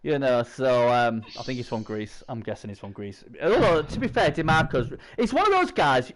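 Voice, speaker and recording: Lively chatty man in his forties. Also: mid-range voice, normal speed, a little hiss or hum. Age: 40s. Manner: rambling and chatty, with bantering asides. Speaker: stream host. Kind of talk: casual chat.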